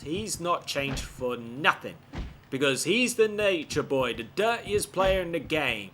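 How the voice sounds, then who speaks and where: A man narrating his video game playthrough with animated, foul-mouthed commentary. His voice sits a little high and bright, and he talks at an unhurried pace. Faint background noise sits under the voice. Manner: animated, swears often, frustrated outbursts.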